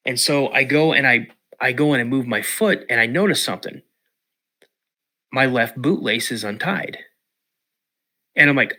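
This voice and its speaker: A man from Washington state, a podcast guest telling a story in an animated way, acting out quotes and repeating words. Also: medium pitch, normal speed, pauses often. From Washington state, USA.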